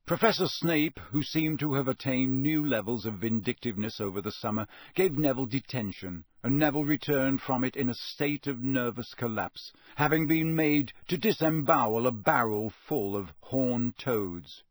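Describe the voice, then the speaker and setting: A man's voice: medium pitch, moderate pace, few pauses, dry recording. Man narrating an audiobook, dry sound. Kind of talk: scripted narration.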